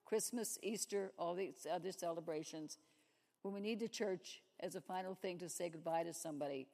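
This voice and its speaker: At a church service, a lay speaker gives a sermon-like testimony, telling stories and acting out the dialogue. Her voice is on the low side, gravelly and a little mellow, at a moderate pace. The church sanctuary adds a long reverb.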